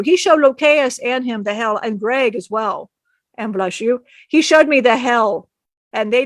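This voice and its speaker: Woman channeler, higher voice, dry close sound, emotional halting first-person story. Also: no echo.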